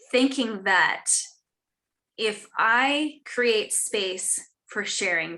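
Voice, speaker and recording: A woman in her thirties or forties, an author guest on a live stream, chats earnestly and casually with many fillers and restarts. Her medium-pitched voice sounds pushed and bright.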